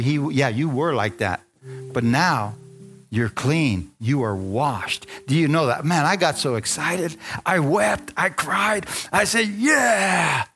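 A man preaching as pastor, reading scripture and telling his own testimony, asking the congregation for amens and rising into excited high peaks. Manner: animated preaching, calls for amen, rises to high excited peaks. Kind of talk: sermon.

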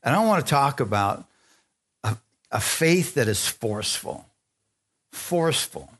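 A man preaching a sermon, calling for amens and hallelujahs from his congregation. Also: medium pitch. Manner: lively, call-and-response preaching with frequent amens. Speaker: pastor.

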